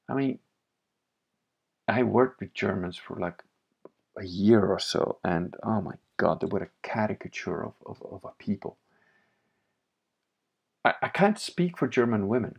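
A man's voice: on the low side, vocal fry, husky, highs cut off. A man hosting a livestream, reading chat messages aloud and answering them bluntly with frequent laughs. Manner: blunt, opinionated, laughs often.

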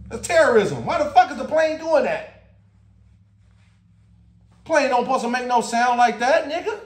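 In a storytime vlog, a man rants profanely and animatedly about what happened, laughing frequently. His voice sits on the high side for a man, the pace is moderate, and the room gives off a roomy echo.

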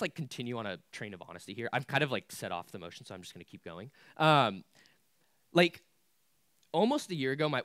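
A man's voice: fairly high pitch, fairly bright tone, no echo, clean studio sound. A young man preaching a casual youth sermon, candid and conversational with lots of filler words. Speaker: youth pastor.

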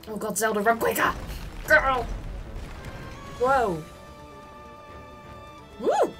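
A woman streaming a video game live, reacting in an excitable, giggly way and cheering the character on. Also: on the high side, drawn-out words, faint music behind. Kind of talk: live gameplay commentary.

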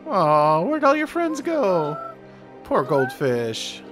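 A man gives chatty let's play commentary on a video game, talking playfully to the characters on screen. His voice sits a little high and swings widely in pitch, and he talks at an unhurried pace. Game music plays behind him. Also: huge pitch swings. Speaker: gaming channel host.

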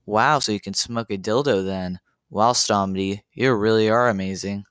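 A man's voice: on the low side, normal speed, a bit bright, clean tone, no room sound, studio quality. A man giving profane reaction commentary on a video, exasperated and rambling, with stammers.

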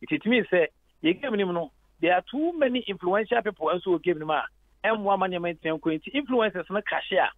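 A man's voice: sits high, expressive, quick pace, no echo. A man with a Ghanaian accent, a head of sport calling in to a radio show, explaining at length and mixing English into Twi. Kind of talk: phone-in sports analysis. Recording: tinny phone line.

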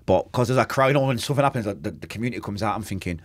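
Fast-talking Manchester man, low voice. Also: no echo. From Manchester, England. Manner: vivid storyteller, acts out quotes and makes gunshot sounds; street slang, swears oaths. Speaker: podcast guest. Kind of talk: casual storytelling interview.

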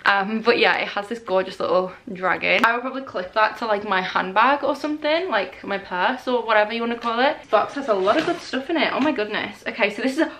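Excitable young woman gushing over books. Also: a little high, fast, few pauses, a little hiss or hum. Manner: excitable, gushing, laughs often. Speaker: book vlogger. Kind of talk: casual unboxing vlog. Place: indoors at home, rain outside.

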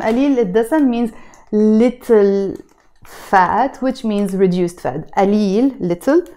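A young woman with a Lebanese accent gives a patient language lesson, repeating words slowly and then at normal speed. Her voice is mellow and soft-edged, and her pitch sits in a middle range. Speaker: Arabic teacher. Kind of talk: explaining Lebanese Arabic words from a shopping bag.

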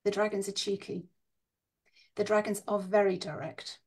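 A woman's voice: medium pitch, little pitch movement, normal speed, a little mellow, breathy edge. A woman interviewed as a guest, speaking frankly and conversationally with a light laugh. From Scotland and northern Britain.

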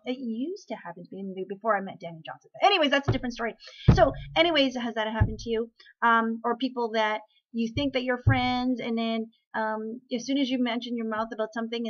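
An animated woman with a fairly high voice rants casually straight to camera. She keeps asking the listener rhetorical questions and trips over her own restarts. The sound is dull and lo-fi, like a home webcam. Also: brisk. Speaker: network marketing vlogger. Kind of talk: casual talking-to-camera rant.

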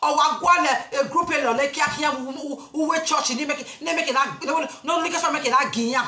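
Loud high Nigerian woman ranting. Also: brisk, roomy sound. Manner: loud, emphatic, bursts into shouting. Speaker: spiritual vlogger. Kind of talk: impassioned rant to camera.

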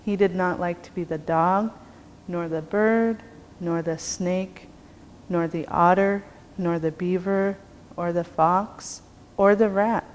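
A woman teacher telling a traditional story in a slow, measured, rhythmic way. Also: lowish voice, steady tone. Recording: long reverb, faint background noise.

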